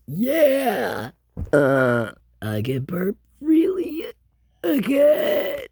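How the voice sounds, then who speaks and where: A woman's voice: medium pitch, huge pitch swings, very slow, a little mellow, breathy edge, no room sound, clean studio sound. A woman talking to camera in a rambling, playful burping vlog, drifting into sing-song bits. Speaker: vlogger.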